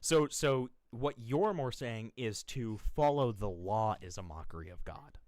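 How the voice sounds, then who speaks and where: A man's voice: medium pitch, expressive, measured pace, darkish tone. A man hosting a heated casual debate, first hesitant and full of fillers, later sarcastic and insulting. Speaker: host.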